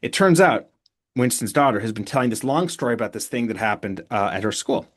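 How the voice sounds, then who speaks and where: An author appearing as a podcast guest tells anecdotes in a medium-pitched voice, talking a little fast. His manner is casual and animated, with lots of fillers and restarts.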